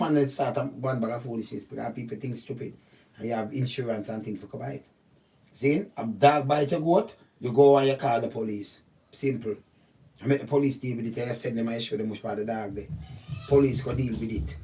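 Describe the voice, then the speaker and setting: A man with a Jamaican accent giving casual, animated commentary on a news story, often stopping to ask "see?". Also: medium pitch, fairly quick. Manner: animated, repetitive, keeps asking "see?". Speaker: channel host. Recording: voice distant from the mic.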